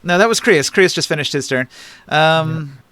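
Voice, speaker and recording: A man's voice: a little high, moderate pace, dry recording. Male game master, dry close sound, casual narration, checks rules on the fly. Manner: relaxed, rules-checking, thinks aloud with fillers.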